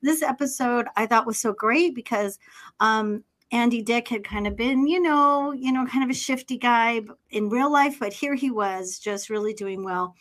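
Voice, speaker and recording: A woman's voice: fairly high pitch, normal speed, a bit bright. A middle-aged woman on a podcast, talking enthusiastically and personally in a rambling way. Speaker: podcast co-host. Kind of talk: casual podcast chat.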